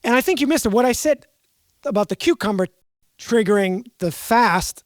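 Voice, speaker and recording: A woman's voice: a little high, lively intonation, moderate pace, no echo, studio quality. Chatty Boston woman telling rambling stories. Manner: chatty, rambling storyteller who loves puns. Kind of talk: casual chat.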